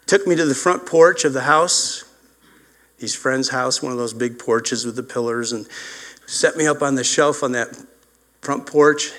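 A man's voice: mid-range voice, sharp tone. Older male pastor, story-driven sermon, plays the voices in his anecdotes. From upstate New York. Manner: storytelling, acts out voices in quotes.

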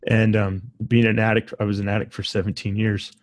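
A man hosting a podcast, speaking with heartfelt emotion and pausing often, as if searching for words. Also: lowish voice, level tone, no echo, studio quality. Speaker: podcast host. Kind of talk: casual conversation.

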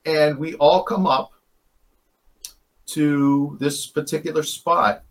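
A man's voice: on the high side, level tone, takes it slowly. A man telling stories from paranormal investigations in casual chat, rambling and often correcting himself. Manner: rambling, self-correcting, chuckles. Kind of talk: casual storytelling.

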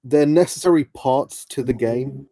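A man's voice: mid-range voice, unhurried, vocal fry, dark tone, no room sound. A young man co-hosting a casual podcast chat, blunt and swearing freely. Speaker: podcast co-host.

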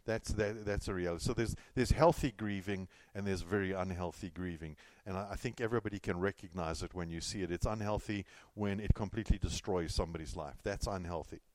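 A middle-aged pastor from California preaches a loose, conversational sermon, telling stories, repeating himself and wandering into asides. His low-pitched, darkish voice moves a little fast with few pauses, and the recording has no echo.

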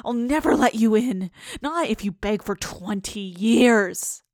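A woman voicing a frightened gentleman guest who calls out loudly in alarm. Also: very high voice, very animated, slow, no room sound, studio quality, voice pushed up, exaggerated voice. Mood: shouting. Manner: loud, alarmed exclamations.

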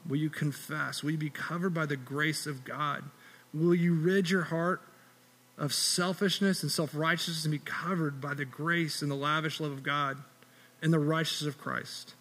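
Pastor preaching in a reverberant hall. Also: male voice, a little high, fairly even intonation, unhurried. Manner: earnest, conversational preaching with repeated restarts; drops to a soft, quiet tone in closing prayer. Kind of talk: sermon.

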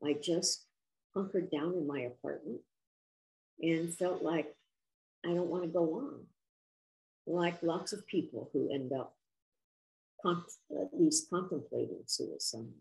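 Older woman, author guest; low gravelly voice, earnest, reflective storyteller. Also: unhurried, pauses often, darkish tone, low-quality recording. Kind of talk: personal storytelling in an interview.

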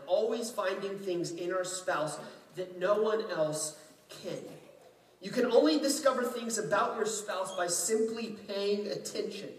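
A man preaching a sermon to a congregation, in an easy, conversational way with jokes mixed in. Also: sits high. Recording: roomy echo, distant mic, faint ambience.

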